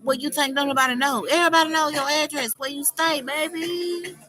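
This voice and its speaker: A woman's voice: high voice, fairly even intonation, brisk, a crowd in the background, poor audio. A woman hosting a livestream, scolding someone in a confrontational, profane, unscripted rant. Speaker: livestream host.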